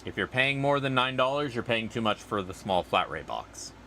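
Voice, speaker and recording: Lively, bright-voiced man chatting on a livestream. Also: medium pitch, moderate pace, slight background noise. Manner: rambling, chatty, answers viewer comments. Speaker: livestream host. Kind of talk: casual livestream chat. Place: outdoors.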